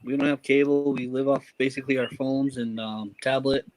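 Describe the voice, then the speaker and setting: A man's voice: medium pitch, fairly even intonation, brisk, a little mellow, dry recording, poor audio. A man calling in to a live stream from home, chatting in a loose, rambling way. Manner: easygoing, rambling, loose grammar. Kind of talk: casual chat. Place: home in Hawaii.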